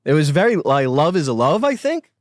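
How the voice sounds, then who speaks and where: A man in casual podcast chat, telling dark sarcastic jokes in a deadpan way. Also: fairly high pitch, a little fast, no room sound, clean studio sound.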